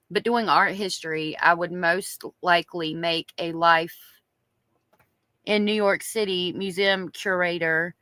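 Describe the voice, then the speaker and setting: Reading diary entries on a true crime live stream, a woman with a strong Southern accent chats with viewers between passages. Her voice is lowish, bright and forceful, recorded with no room sound. She stays chatty, reading aloud and responding to chat.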